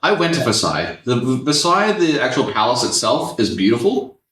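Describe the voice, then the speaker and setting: Sing-song, brisk and a bit bright at medium pitch, this man hosts a podcast full of casual storytelling and plenty of cursing. An echoey room and distant mic color the sound.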